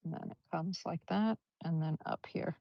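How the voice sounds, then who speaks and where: A woman's voice: lowish voice, moderate pace, vocal fry, no echo. A woman leading a live brush painting demonstration, chatty and encouraging as she talks through each stroke. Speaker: art teacher. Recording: dull, lo-fi livestream audio.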